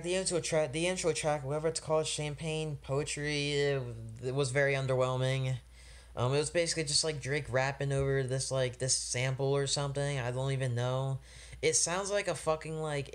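Young male music reviewer, casual and rambling, frustrated, swears a lot. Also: fairly high pitch. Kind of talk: casual album review vlog.

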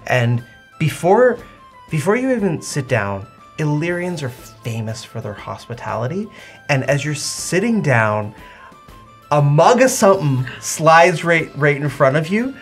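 A man running a tabletop game, describing the scene in a halting, descriptive way. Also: on the high side, sing-song, faint music behind. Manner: halting, descriptive narration with many restarts. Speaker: game master.

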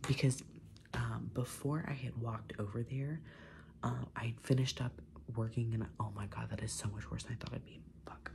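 A man's voice: medium pitch, vocal fry, a little hiss or hum. A young man in his twenties whispering an ASMR vent while doing his makeup, chatty, swearing and full of "like". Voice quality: mostly unvoiced whisper. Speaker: ASMR creator.

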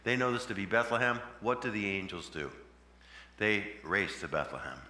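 A man preaching a sermon in a conversational way, with sudden loud emphatic bursts, recorded in a church. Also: lowish voice, lively intonation, normal speed. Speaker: pastor. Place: church sanctuary. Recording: echoey church hall with long reverb, faint hum.

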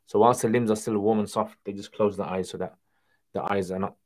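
Low-voiced man answering viewer questions. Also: steady tone, a little fast, a little mellow. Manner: reads viewer questions aloud then answers conversationally. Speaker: Islamic Q&A livestream host. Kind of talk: casual livestream Q&A.

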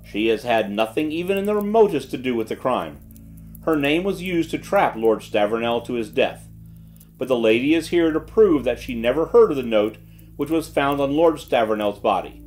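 A man voicing a shrewd gentleman detective who speaks quietly and with calm assurance. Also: mid-range voice, faint music behind, close to an everyday voice. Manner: quiet, measured, self-assured.

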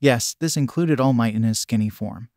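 A man reads a story aloud as scripted narration, at a middle pitch. The sound is dry and close, with no room around it, and the delivery stays even throughout. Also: normal speed, dry recording. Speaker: story reader. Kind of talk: scripted narration of fan fiction.

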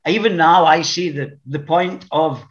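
A man's voice: fairly high pitch, a little slow. A man from the Orkney Islands with an Orkney Scottish accent, talking as a podcast guest in a rambling, blunt way, often repeating words as he thinks. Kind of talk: casual interview chat. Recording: dull lo-fi sound.

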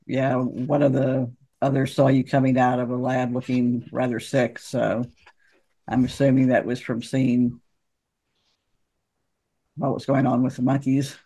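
Calm guy at a tabletop game, talks steady and careful. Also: mid-range voice, measured pace, long pauses, breathy edge, low-quality recording. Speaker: player. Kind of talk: casual tabletop role-play.

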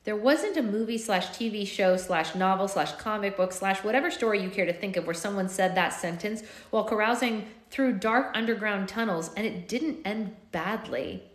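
A woman hosting a live book club, reading a novel aloud and dropping quiet, offhand asides to her viewers. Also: mid-range voice, normal speed, hardly any pauses, echoey room. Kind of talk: live-streamed read-aloud with chatty asides.

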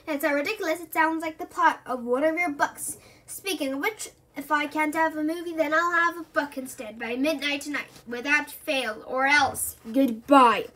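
A woman reading a storybook aloud and voicing a big, cross, bossy publisher man who yells. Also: high voice, moderate pace. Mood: exasperated. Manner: shouting, angry.

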